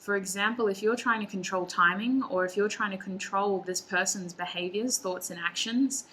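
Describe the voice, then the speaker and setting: Woman, tarot reader; bright voice, chatty and laughing, speaking to viewers, faint noise underneath. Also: mid-range voice, moderate pace, low-quality recording. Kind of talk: solo pick-a-card tarot reading.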